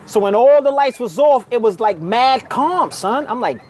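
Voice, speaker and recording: Animated slangy New York man. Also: normal speed, few pauses, slight background noise. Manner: slangy, calls the listener son and bruh; swings between loud outbursts and low murmurs. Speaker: spiritual vlogger. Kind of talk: casual storytelling monologue.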